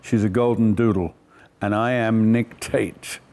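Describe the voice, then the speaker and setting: Older actor, clear and projected. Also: male voice, on the low side, steady tone, measured pace, noisy background. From Australia. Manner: self-deprecating, laughs often. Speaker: actor interviewee. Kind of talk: reflective storytelling interview.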